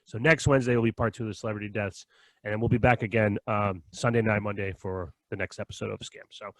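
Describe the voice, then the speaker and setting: Fast-talking male podcast host. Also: on the low side, steady tone, fairly bright tone. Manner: rambling, laughs often, acts out quotes. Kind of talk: casual chat, storytelling.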